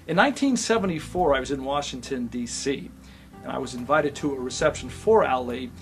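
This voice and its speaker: A middle-aged male actor telling a personal story in a reflective, sometimes soft and quiet way. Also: mid-range voice, animated, brisk, faint music behind.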